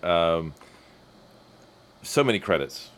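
A man's voice: deep voice, expressive, slow, a bit bright. A man co-hosting a podcast, chatting casually and rambling through his questions with frequent restarts and self-conscious laughter. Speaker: podcast co-host. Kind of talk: casual chat.

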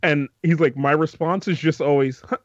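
A man's voice: fairly high pitch, fairly even intonation, moderate pace, highs cut off. A man co-hosting a comedy podcast, stammering and restarting often as he tells an anecdote. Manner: hesitant, stammering, restarts often, laughs easily. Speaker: podcast co-host. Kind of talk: casual comedic chat.

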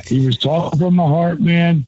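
A man's voice: a little high, fairly even intonation, moderate pace, mellow, highs cut off. A man in his sixties, a former pro wrestler and guest, telling stories with profanity and emphasis. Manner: profane, emphatic, laughs often. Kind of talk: animated storytelling.

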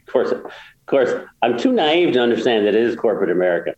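A man's voice: fairly low pitch, big pitch swings, fast, darkish tone, roomy sound, lo-fi sound. A man guest telling a story in a casual interview, rambling with many restarts and getting emotional. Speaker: guest, golf course builder.

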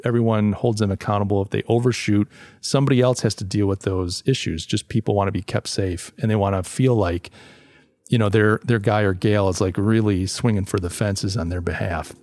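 A man's voice: on the low side, fairly quick, darkish tone, dry recording. A man hosting a solo talk show, reviewing a paper in a loose conversational way, often restarting sentences and acting out what people say. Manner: conversational, restarts often, acts out quoted voices. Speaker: podcast host.

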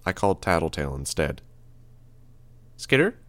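Steady, low-voiced male narrator. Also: moderate pace, no room sound. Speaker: audiobook narrator. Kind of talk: first-person audiobook narration.

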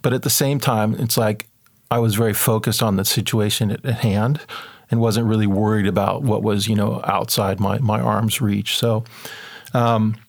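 A man's voice: on the low side, moderate pace, gravelly. A man telling an adventure story in a loose, chatty way, acting out what people said in a raised voice. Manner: animated, acts out quotes in a raised voice; loose and chatty, many fillers like "kind of" and "like". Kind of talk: casual spoken storytelling.

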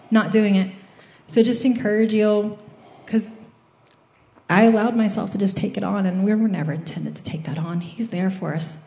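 Woman, mid pitch, mellow tone, earnest church testimony in an echoey hall. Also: vocal fry. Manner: earnest, storytelling, quoting her own prayers. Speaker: church member giving a testimony.

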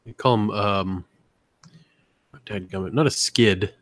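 A man's voice: fairly low pitch, slow, fairly bright tone, dry recording. A man co-hosting a podcast, chatting loosely with lots of fillers and swearing. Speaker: podcast co-host. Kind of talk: casual banter.

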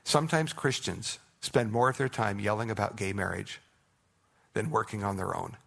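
Pastor, man, gravelly, earnest conversational preaching with quiet prayerful moments. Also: on the low side, moderate pace. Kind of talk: sermon.

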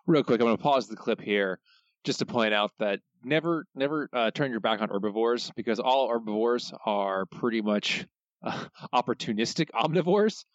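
A man's voice: medium pitch, lively intonation, normal speed, no echo, dull audio. A man co-hosting a casual podcast, recapping a plot in a wry way with plenty of filler words. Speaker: podcast co-host.

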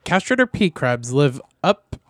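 Man, podcast co-host, casual jokey chat, slightly higher voice, dry sound. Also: very animated, measured pace, no room sound. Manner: joking, reads articles aloud.

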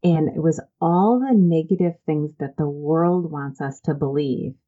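Low-voiced earnest woman telling stories. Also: unhurried, narrow, tinny audio. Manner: earnest and heartfelt, many "um"s and restarts. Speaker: interview guest, church volunteer program founder. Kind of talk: conversational interview storytelling.

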